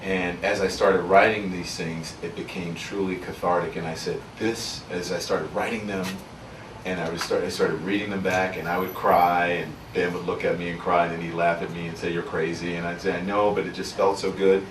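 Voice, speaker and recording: Earnest low-voiced man from Louisiana. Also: level tone, normal speed, noisy background. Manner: earnest, reflective storytelling. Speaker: author speaking at a book signing. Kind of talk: candid personal talk to an audience. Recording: roomy sound from far off, faint ambience.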